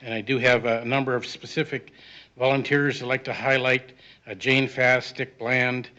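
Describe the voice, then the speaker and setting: A man making club announcements at a meeting, halting with many fillers. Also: medium pitch, little pitch movement, sharp tone. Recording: dull lo-fi audio.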